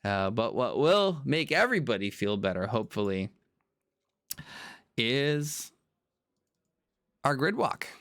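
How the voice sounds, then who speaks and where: A man doing live sim racing commentary at an unhurried pace, his voice smooth and clear. He talks in a chatty way and laughs at his own slips. The sound is close and dry, with no room around it. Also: medium pitch, expressive, a bit bright, no echo. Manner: apologetic, self-deprecating, chatty.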